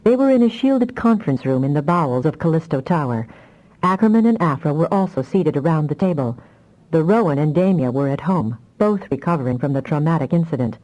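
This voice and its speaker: Low, mellow woman audiobook narrator. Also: brisk, dull audio. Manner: expressive storytelling.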